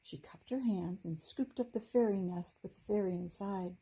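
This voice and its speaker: A woman teacher reading a children's chapter book aloud in a gentle, expressive storytelling manner. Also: medium pitch, normal speed, breathy edge, rough recording.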